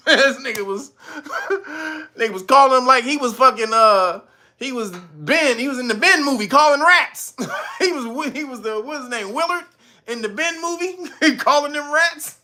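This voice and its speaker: A male host talks through a casual commentary stream with animated, profane energy. He laughs often, and his voice has a bright, forward edge. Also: very high-pitched, normal speed.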